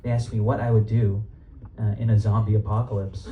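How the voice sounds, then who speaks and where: A young comedian with a lowish voice and flat, fairly quick delivery does a casual, profane set on a comedy club stage, laughing at his own jokes. The muffled, roomy recording comes from a distant mic, with the audience laughing and cheering.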